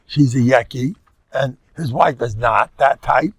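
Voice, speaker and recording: A man's voice: medium pitch, expressive, measured pace, breathy edge, no room sound. An older man, a rabbi giving an informal, joking Torah lecture that mixes in Yiddish and Hebrew words. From United States.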